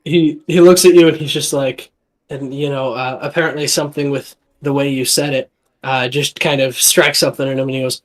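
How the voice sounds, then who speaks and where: A man's voice: mid-range voice, fairly even intonation, fairly quick, low-quality recording. A man running a tabletop game live as dungeon master, rambling and hesitant with many fillers and restarts.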